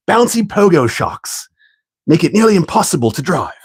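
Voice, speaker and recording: A man voicing an older male wildlife documentary narrator in a mock-solemn, slow, breathy delivery. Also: a little high, voice pushed up, heavily acted.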